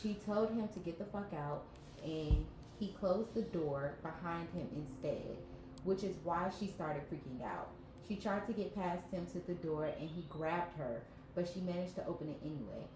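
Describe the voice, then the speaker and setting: A woman's voice: on the low side, normal speed. A woman co-hosting a podcast with a stuffy nose, reading a story aloud and breaking off to react and joke. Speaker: podcast co-host reading stories. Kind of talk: casual story reading and chat. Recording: echoey room with background noise.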